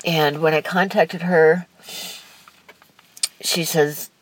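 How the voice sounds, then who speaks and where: Woman, husky, low-pitched, halting, emotional, personal story. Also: steady tone, dry recording, poor audio. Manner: halting, emotional, with restarts and sighs. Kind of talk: personal life story, told candidly.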